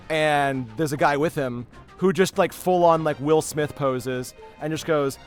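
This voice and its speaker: Young man, rambling storyteller, slightly high voice, faint music behind. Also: steady tone, moderate pace, hardly any pauses. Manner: rambling storyteller, swears heavily when riled up. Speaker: streamer and voice actor. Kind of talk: casual chat on a game stream.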